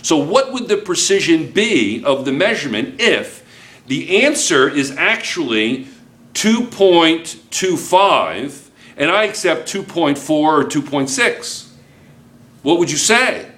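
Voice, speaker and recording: A man's voice: a little high, very animated, slow, fairly bright tone. A male chemistry teacher, giving a joking classroom lecture and constantly checking in with students.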